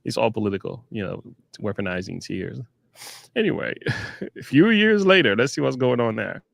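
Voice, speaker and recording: Reaction-show host, male, animated pitch, dry close sound, laughs a lot. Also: normal speed, gravelly, dry recording. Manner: chuckles often, loose and conversational. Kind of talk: casual reaction commentary.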